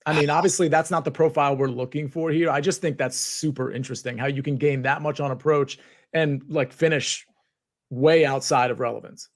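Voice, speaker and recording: A man's voice: a little high, fairly even intonation, a little fast. A man co-hosting a golf betting podcast, easygoing and wry, tossing questions to his partner. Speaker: podcast co-host. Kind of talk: casual golf betting chat.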